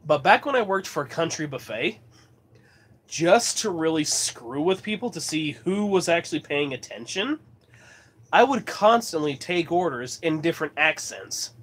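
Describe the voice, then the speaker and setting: A man's voice: on the high side, animated, measured pace, a bit bright, breathy edge. A man from Colorado chatting casually as host of his livestream, rambling and laughing often. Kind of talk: casual chat.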